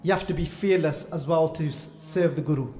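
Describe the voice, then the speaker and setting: A man teaching a Sikh class, telling stories and acting out the quoted lines in an animated way. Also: on the high side, brisk, echoey room, soft background music. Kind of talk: storytelling sermon. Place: hall.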